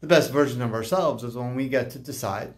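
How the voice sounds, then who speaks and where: A man who works as a life coach, talking casually and haltingly to camera and acting out bits of dialogue. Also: medium pitch. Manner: slow, halting, acts out dialogue in animated voices.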